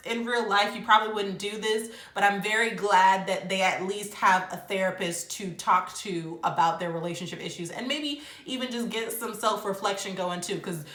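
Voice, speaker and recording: Young woman, casual reviewer, bright tone, Black lilt, echoey room sound. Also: mid-range voice. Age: young adult. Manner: chatty, animated, quotes people in mock voices. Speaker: reality show reviewer. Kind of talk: casual commentary.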